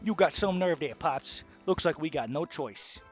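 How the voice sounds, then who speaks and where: A man voicing a gang of gruff male platypus mobsters with a tough-guy gangster drawl. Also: fairly high pitch, expressive, normal speed, soft background music, natural voice. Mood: menacing.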